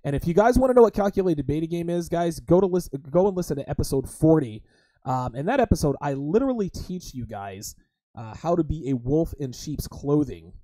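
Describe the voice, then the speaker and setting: A man's voice: on the high side, animated, fairly quick, mellow, no echo. A man hosting a livestream podcast, talking crudely and emphatically and repeatedly calling his listeners guys. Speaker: host.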